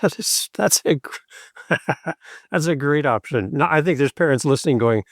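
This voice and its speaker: A man's voice: a little high, animated, normal speed, no echo, studio quality. A man hosting a podcast who asks questions in an easygoing, encouraging way with loose, chatty phrasing. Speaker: podcast host. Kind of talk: casual interview chat.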